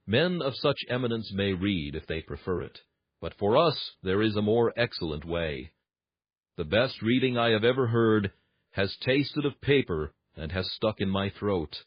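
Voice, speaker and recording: A man with a husky voice reading a formal sermon text aloud in an earnest way, with dramatic swings in emphasis. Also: on the low side, no room sound, lo-fi sound. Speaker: reader of a classic sermon text. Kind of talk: formal read-aloud preaching.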